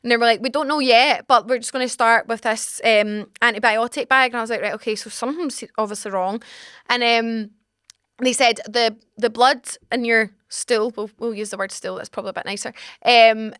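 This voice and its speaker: A young Scottish woman in her twenties, hosting a podcast and telling a personal story with animated, dramatic asides. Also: on the high side, moderate pace, smooth, dry recording, studio quality. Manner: animated, dramatic retelling with acted-out exclamations. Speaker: podcast host. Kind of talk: casual storytelling chat. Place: small home podcast studio.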